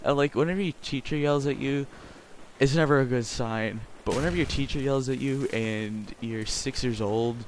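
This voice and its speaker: A man's voice: medium pitch, normal speed. A sixteen-year-old boy from Canada, rambling crudely and jokingly through casual gameplay commentary. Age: teens. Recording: game gunfire noise behind voice.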